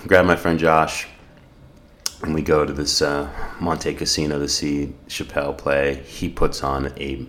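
Speaking as a podcast guest, this middle-aged man from South Africa recounts a personal story conversationally, in an earnest, reflective manner with many fillers and restarts. He has a bass voice with a fairly bright tone.

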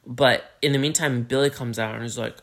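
A man co-hosting a podcast, retelling a story in casual chat and jumping into high squeaky voices for the characters. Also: fairly even intonation, brisk, a bit bright. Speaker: podcast co-host.

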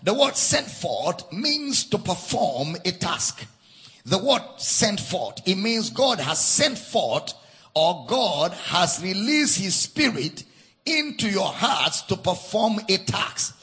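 A man's voice: high voice, very animated, slow pace, pushed and bright, breathy edge. A man preaching a sermon at a church camp meeting, stressing and repeating key phrases and spelling out words for note-takers. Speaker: pastor.

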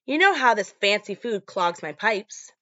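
A cranky older aunt sneers and complains about the food, put on by a woman retelling a film. She sounds bright, with a dry, slightly dull recording. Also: mid-range voice, sing-song, unhurried, no echo. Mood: snide.

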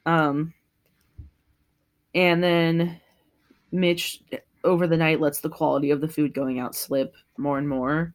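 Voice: mid-range voice, little pitch movement, takes it slowly, long pauses. A podcast co-host recapping an episode in casual chat, laughing often and swearing freely.

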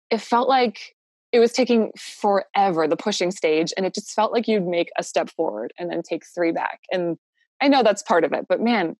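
A woman's voice: lowish voice, dry recording, studio quality. A young woman telling her own birth story in a casual, heartfelt way, laughing often and using lots of fillers.

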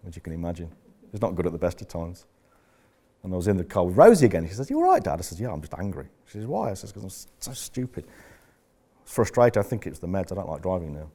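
An older man with a lowish voice tells loose, rambling stories in a podcast chat. He jokes around, swears freely and keeps drifting off the point before he gets back to business. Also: darkish tone. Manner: rambling, profane, jokey storyteller. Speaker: podcast host. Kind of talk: casual chat.

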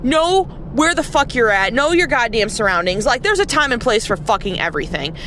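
A woman's voice: fairly high pitch, big pitch swings, normal speed, a bit bright, a little hiss or hum. A woman who works as a nurse, ranting in a casual, blunt and profane way, with heavy sarcasm. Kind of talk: casual rant to camera.

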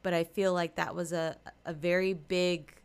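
Smooth-voiced woman telling a story on a podcast. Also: fairly low pitch, moderate pace. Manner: animated storyteller, acts out quotes. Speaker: podcast co-host, medium. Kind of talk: casual spiritual podcast chat.

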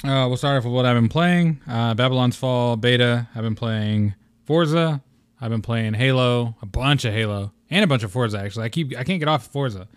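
A man's voice: medium pitch, brisk, clean tone, dry recording. A young man hosting his own gaming podcast solo, talking in a rambling, laid-back way and swearing casually. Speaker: podcast host.

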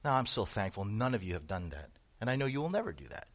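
A man's voice: lowish voice, very animated, fast. A male pastor preaching a sermon to his congregation, with rhetorical questions and rising emphasis. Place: church room with a congregation.

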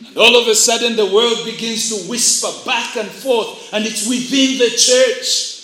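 A high-pitched man delivers a sermon to young people at a slow, deliberate pace. He acts out characters as he tells his stories. The sound carries in an echoey hall. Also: fairly even intonation, pushed and bright. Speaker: preacher. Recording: echoey room.

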